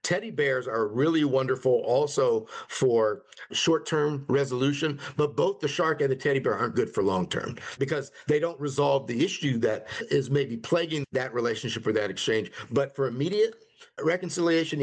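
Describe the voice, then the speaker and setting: A man giving a conflict resolution webinar at a mid-range pitch. His delivery is casual and talky, and he slips into quoted dialogue with quick pitch jumps. He sounds like a trainer teaching his audience. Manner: conversational, acts out quoted lines with lively pitch jumps. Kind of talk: webinar presentation.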